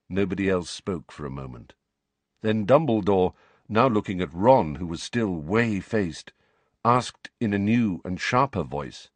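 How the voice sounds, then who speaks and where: Expressive low-voiced male narrator. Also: a little slow, dry recording. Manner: expressive, varied delivery. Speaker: audiobook narrator. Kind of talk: scripted narration.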